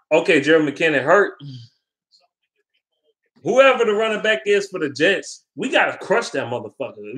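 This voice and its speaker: A man's voice: on the high side, a bit bright. Heated, profane young man ranting. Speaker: sports fan vlogger. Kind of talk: casual sports rant.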